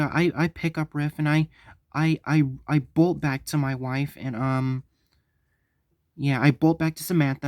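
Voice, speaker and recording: Halting man telling a storytime vlog. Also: fairly high pitch, darkish tone, no echo, studio quality. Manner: halting, stumbling, repeats himself. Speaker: vlogger.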